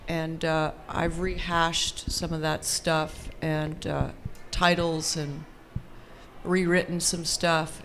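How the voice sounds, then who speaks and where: A woman's voice: sits low, flat delivery, slow pace, a bit bright, slight background noise. A woman guest on a convention panel, talking in a laid-back, blunt way. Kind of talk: casual chat on a convention panel.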